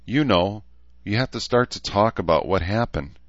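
Audiobook: male narrator doing a blunt, strained young woman, raised pitch over a deep voice, dry dull sound. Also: lively intonation, normal speed, no echo. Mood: exasperated. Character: young adult woman, anxious, blunt daughter.

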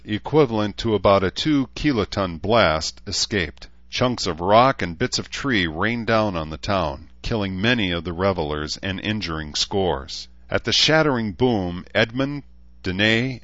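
Deep-voiced man narrating a story. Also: no room sound, dull audio. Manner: measured, steady reading. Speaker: audiobook narrator. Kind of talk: scripted narration.

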